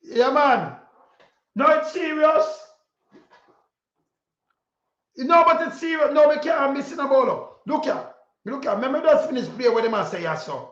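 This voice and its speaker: A Jamaican man with a strikingly high voice delivers fired-up political commentary in patois, hammering his points again and again. The sound is roomy and dull, like a lo-fi home recording. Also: moderate pace. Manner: preachy and repetitive, speaking in patois, sometimes shouting. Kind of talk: impassioned spoken commentary.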